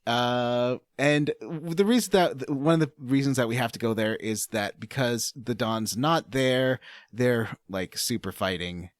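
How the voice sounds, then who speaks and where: A man's voice: medium pitch, unhurried, dry recording, clean studio sound. A man co-hosting a casual gaming podcast, loosely retelling the plot and chuckling often. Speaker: podcast co-host. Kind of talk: casual chat recapping a video game.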